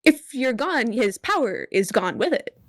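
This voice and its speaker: Defiant swordfighter woman played by a player, taunting, fairly high, dry sound. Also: very animated, measured pace, no room sound, exaggerated voice.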